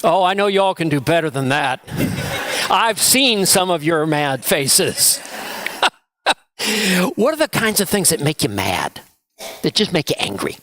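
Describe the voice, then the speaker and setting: A man's voice: a little high, big pitch swings, slow, long pauses, bright, forceful tone. A man leading a children's story time in church, asking the children playful questions. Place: church sanctuary.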